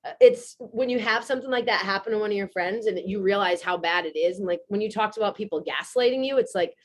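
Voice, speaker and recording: A woman, telling a story in casual podcast chat, animated and swearing freely. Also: mid-range voice, fast. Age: 40s. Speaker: podcast host.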